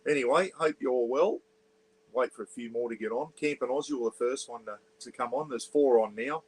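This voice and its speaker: An Australian man livestreams on an iPad from inside a small caravan, chatting loosely, greeting viewers, and reading their comments aloud. He keeps his voice down for the neighbours; it's mid-range, fairly quick, and breathy, and the audio is poor.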